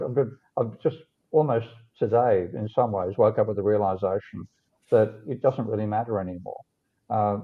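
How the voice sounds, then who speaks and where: Man talking over a tinny line. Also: on the low side. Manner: earnest, halting, with many restarts. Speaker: host. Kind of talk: livestream discussion. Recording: tinny phone-like call audio.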